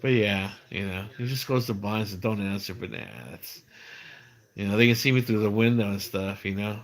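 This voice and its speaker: A man's voice: fairly low pitch, fairly even intonation, moderate pace. A middle-aged man hosting his own livestream, telling stories in a loose, rambling way with many restarts. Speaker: livestream host. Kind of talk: casual livestream chat.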